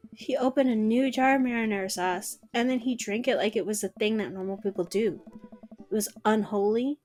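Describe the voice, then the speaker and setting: A woman's voice: on the high side, a little mellow, natural voice. A woman voicing an awkward, self-mocking single father who tells stories with disbelief. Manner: incredulous, exclamatory storytelling.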